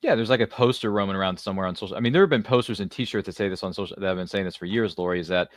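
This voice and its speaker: Fast-talking male watchalong host. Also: low-pitched, no room sound, studio quality. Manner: quick, chatty movie-fan banter. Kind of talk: casual chat.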